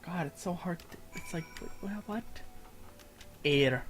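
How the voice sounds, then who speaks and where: A man's voice: on the high side, moderate pace. A young man streaming a game, chatting casually with lots of fillers and laughs. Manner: rambling, filler-heavy, laughs often. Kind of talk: casual gameplay commentary.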